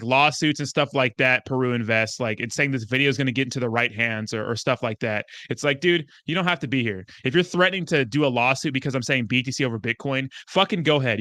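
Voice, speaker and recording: A man hosting a crypto livestream, answering his chat in a profane and excitable way. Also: medium pitch, dry recording, studio quality. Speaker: crypto YouTuber host.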